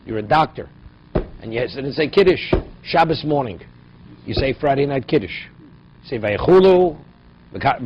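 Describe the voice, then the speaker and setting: Man teaching Talmud. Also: mid-range voice. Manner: explains Aramaic phrases in English, asks "right?" often. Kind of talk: daily Talmud class. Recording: dull lo-fi recording with faint noise.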